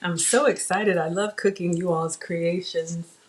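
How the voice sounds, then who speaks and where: With a fairly low, steady voice, a little slow, this cooking channel host streams live from her kitchen, reading comments and talking to viewers as she cooks. The counter tablet recording has a little hiss or hum.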